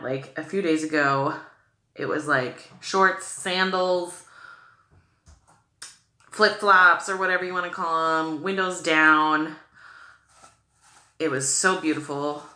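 A woman's voice: low-pitched, bright, forceful tone, reverberant. A woman from New England chatting through a makeup tutorial, gushing about products and full of "like" and "okay.". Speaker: beauty vlogger.

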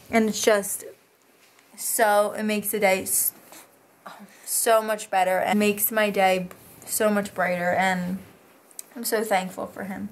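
A woman's voice: mid-range voice, fairly even intonation, slow pace, a little hiss or hum. A young woman, a mother, talking casually to her camera in a family vlog, gushing and sentimental about her baby. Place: home and car.

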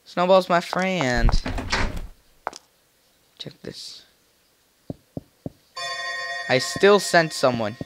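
Game music plays behind a let's play gamer as he jokes and rambles to himself in a playful, casual way while playing. His voice sits on the high side and is animated, but he speaks very slowly with long pauses.

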